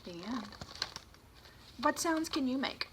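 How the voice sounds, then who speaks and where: A middle-aged woman teacher reading a picture book aloud to young children, with sing-song animated rhythm and chatty asides. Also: sits high, slow pace, noisy background.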